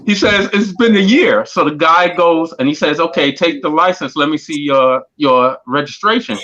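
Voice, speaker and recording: A man in a casual group chat, an animated storyteller who acts out the quotes. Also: fairly high pitch, moderate pace. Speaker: podcast crew member. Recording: lo-fi dull sound.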